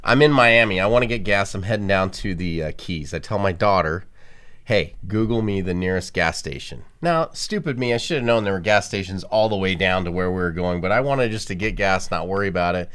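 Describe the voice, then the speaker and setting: A middle-aged man co-hosting a podcast, telling stories in a casual chat and acting out the people in them. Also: sits low. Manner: animated storyteller, acts out quoted voices. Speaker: podcast co-host.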